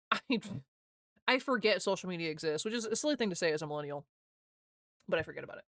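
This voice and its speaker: A woman in her thirties streaming, chatting casually with viewers, giggling often and talking quickly. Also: lowish voice, expressive, fairly bright tone, dry recording, clean studio sound.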